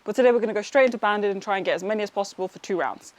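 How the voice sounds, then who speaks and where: A woman's voice: mid-range voice, very fast, a little mellow. Upbeat chatty young woman fitness vlogger. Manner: chatty, upbeat, encouraging, self-teasing. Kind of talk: casual motivational workout vlog. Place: home workout, partly outdoors.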